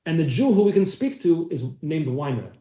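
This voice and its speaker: A man's voice: a little high, big pitch swings, normal speed, dark tone. Man teaching a class in an echoey room. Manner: storytelling, acts out quoted speech. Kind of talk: telling a story in a class.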